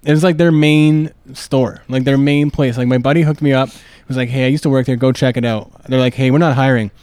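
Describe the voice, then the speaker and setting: A young man from Canada tells his travel stories at a rapid clip, leaning on "like" as he goes. His voice sits at an ordinary pitch, and the close mic keeps it dry. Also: clear, resonant tone, dry recording. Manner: animated storyteller, many "like" fillers, quick laughs. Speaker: podcast guest, fashion designer. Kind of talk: casual podcast chat, storytelling.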